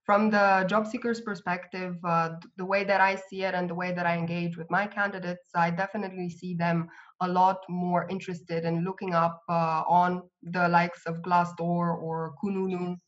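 A woman recruiter answering interview questions in a measured, explanatory way. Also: fairly low pitch, flat delivery. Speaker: recruiter guest. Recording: slightly dull lo-fi audio.

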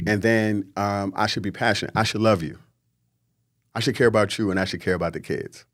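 A man, a guest on a podcast, talking in a lively, preachy way and mimicking people he quotes. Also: fairly low pitch, brisk. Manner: animated, preachy, acts out quotes in mocking voices. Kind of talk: casual podcast conversation.

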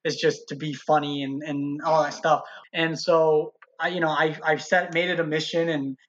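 A man's voice: on the high side, moderate pace. A man guest in a casual interview, telling his story and acting out what others said. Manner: animated, quotes people in changed voices. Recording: dull lo-fi sound.

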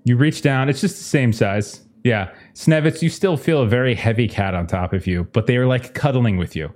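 A man's voice: mid-range voice, normal speed, a little mellow. A man narrating a tabletop horror game as game master, in a casual, chuckling way with many fillers.

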